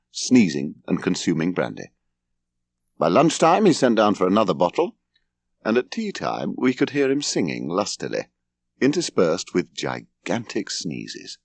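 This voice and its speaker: A man narrating a comic memoir audiobook in a wry, expressive manner. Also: sits low, vocal fry, no room sound. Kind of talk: scripted narration.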